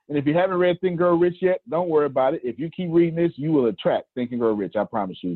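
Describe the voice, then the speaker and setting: A man in his forties with a Southern American accent hosts a motivational group call, animated and preachy, repeating phrases straight to the listeners. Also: mid-range voice, slightly rough, no room sound. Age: 40s. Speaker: host of a coaching call. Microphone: video call. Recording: tinny phone-like call audio.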